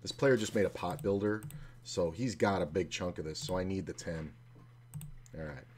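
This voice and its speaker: Brief: deep-voiced man, relaxed poker streamer narrating his hands from his home desk, faint hum behind. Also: moderate pace. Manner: relaxed, chatty, sometimes swearing. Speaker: online poker player streaming his session. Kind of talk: casual running commentary while playing.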